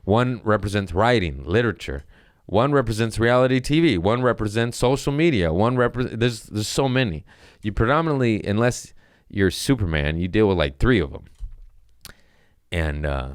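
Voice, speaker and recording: Deep, smooth-voiced male comedian. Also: animated, normal speed, no room sound, studio quality. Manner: loose and profane, acting out quotes from his stories. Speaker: comedian hosting a podcast. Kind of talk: casual storytelling monologue.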